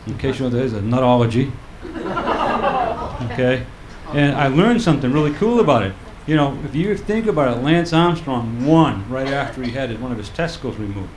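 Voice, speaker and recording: An older man performing a stand-up comedy set on a club stage, telling stories in a deadpan way and acting out the quotes. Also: mid-range voice, moderate pace, noisy background. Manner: deadpan storytelling with acted-out quotes. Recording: roomy live club recording.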